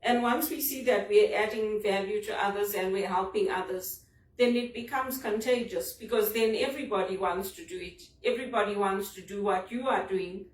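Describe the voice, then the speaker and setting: A Zimbabwean woman, a vlogger, talks about a leadership book in an earnest, personal and reflective monologue. Her voice is medium in pitch and moves at a normal speed. The distant mic gives the recording a roomy sound.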